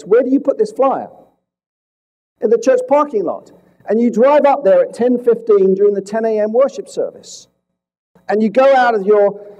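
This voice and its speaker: A man investigating fraud, telling a case to police as a dramatic story with rhetorical questions, swinging between loud points and hushed asides. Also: high voice, poor audio. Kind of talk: storytelling presentation to an audience.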